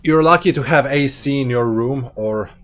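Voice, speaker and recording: A man's voice: medium pitch, moderate pace, fairly bright tone. A man giving casual, chatty commentary while streaming a space game from a hot room at home, laughing easily and correcting himself. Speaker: gameplay streamer.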